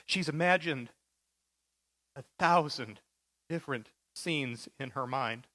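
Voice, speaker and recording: A man's voice: mid-range voice, takes it slowly, pushed and bright. A male pastor preaching a sermon with vivid, dramatic storytelling.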